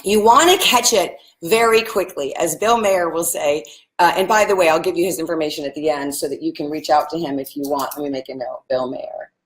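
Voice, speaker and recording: A spiritual teacher with a low voice and slightly fast pace gives a live-streamed motivational talk. She speaks earnestly and directly to her viewers, repeating phrases like mantras.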